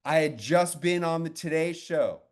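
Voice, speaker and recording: Male media coach, fairly high voice, blunt and animated, swears casually while telling stories. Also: measured pace. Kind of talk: coaching session with storytelling.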